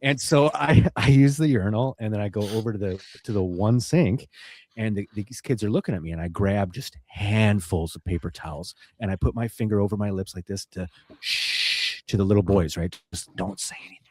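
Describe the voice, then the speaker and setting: A man's voice: on the low side, a little fast, no echo. A man hosting a podcast, telling a long funny story in a casual way, laughing often and swearing freely. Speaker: podcast host.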